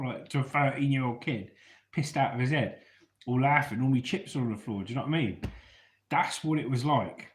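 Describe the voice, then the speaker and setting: A man spins stories in a chatty, laddish voice and swears freely. His pitch sits in the middle of the usual range. The room around him is noticeably echoey. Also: fairly quick. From England. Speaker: storyteller host. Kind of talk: casual storytelling.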